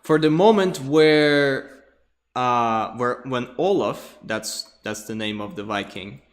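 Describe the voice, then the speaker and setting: Male lecturer, mid-pitched, walks through a storyboard, makes the sound effects himself, stumbles over repeated words. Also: takes it slowly. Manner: acts out scenes with vocal sound effects; repeats words while searching for them.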